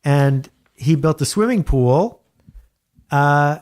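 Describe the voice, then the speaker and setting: A man being interviewed as a guest author. He tells stories in an animated, wry way and leans on emphatic repetition. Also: a little high, takes it slowly. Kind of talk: conversational interview. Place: home studio.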